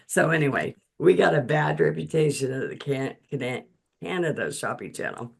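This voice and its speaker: Gravelly woman teaching painting on a video call, talks slow, chatty and laughing a lot. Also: low voice. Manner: animated, laughs often while telling stories. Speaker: painting instructor and host. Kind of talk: chatty storytelling and painting instruction.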